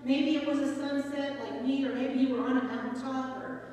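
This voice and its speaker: A woman in her forties preaches in a church, her voice fairly high. She tells stories casually and keeps asking the listeners questions. The sound is echoey and comes from some distance across a large hall. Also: fairly even intonation, moderate pace, darkish tone. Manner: conversational storytelling, asks the congregation questions. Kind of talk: sermon. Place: church sanctuary.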